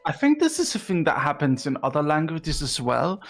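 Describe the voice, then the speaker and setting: A woman from Denmark with a Danish accent, a guest on a chat stream explaining her language in a relaxed, amused way. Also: deep voice, brisk. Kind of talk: casual chat. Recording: faint music behind.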